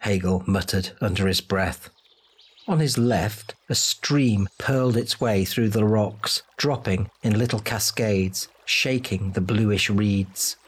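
A man giving dramatic, measured narration of a fantasy audiobook. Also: fairly low pitch, breathy edge.

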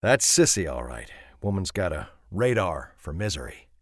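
A man's voice: sits low, very animated, normal speed, no echo, clean studio sound. Man voicing a wry old-school garage owner. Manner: wry, drawling, bargaining. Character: wry, gruff small-town male garage owner. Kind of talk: audiobook character voice.

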